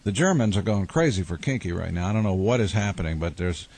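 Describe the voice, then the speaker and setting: A man's voice: sits low, animated, quick pace, darkish tone. A man, a musician and author telling wry, rambling stories in a radio studio interview. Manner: rambling, wry storytelling with restarts.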